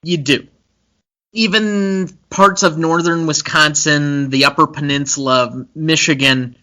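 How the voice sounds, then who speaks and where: A man's voice: fairly high pitch, steady tone, unhurried, pushed and bright. A young man co-hosting a casual movie-review podcast, chatty and analytical, with frequent fillers. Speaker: podcast co-host.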